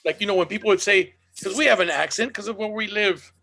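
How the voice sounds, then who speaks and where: High, gravelly man chatting casually. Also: fast, bright, forceful tone. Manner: loose, profane, joking. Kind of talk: casual chat.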